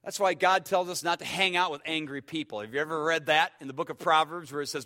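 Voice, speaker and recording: A man preaching a sermon as pastor, an animated storyteller who swings between hushed asides and loud outbursts. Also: fairly high pitch, fast talker, few pauses.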